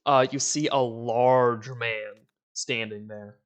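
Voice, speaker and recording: A young man narrating a tabletop game as game master, casual and relaxed, laughing easily. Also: medium pitch, slow.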